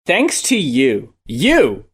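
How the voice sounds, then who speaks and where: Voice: medium pitch, huge pitch swings, husky. A podcast co-host in casual album review chat, swearing freely and slipping into mock singing and lyric reading. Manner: slow, swearing, mock-sings and reads lyrics aloud.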